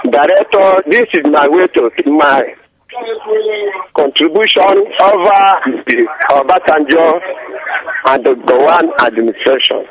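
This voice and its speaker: A man calls in over a muffled phone line, his pitch a little high. His English is halting and heated. A noisy crowd is clearly heard behind him. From Nigeria. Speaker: caller.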